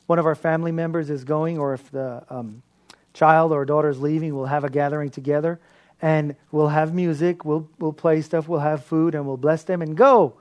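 Pastor, male, slightly high voice, animated sermon delivery with lots of laughter. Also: normal speed. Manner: animated storytelling with frequent laughter.

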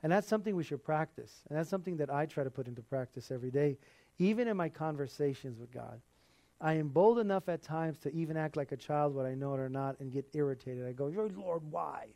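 A man's voice: on the high side, fast talker, mellow, no room sound. Earnest man preaching a casual sermon. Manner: conversational and earnest, with laughs.

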